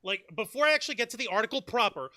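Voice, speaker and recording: A man co-hosting a live online news chat show, talking in an animated, excitable way with quick asides. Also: sits high, dry recording, studio quality. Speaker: podcast co-host.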